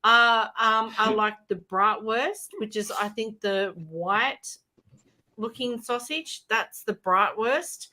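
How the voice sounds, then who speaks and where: A woman chatting casually in an online group, laughing easily and pausing with fillers. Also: on the high side, sharp tone. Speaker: chat participant.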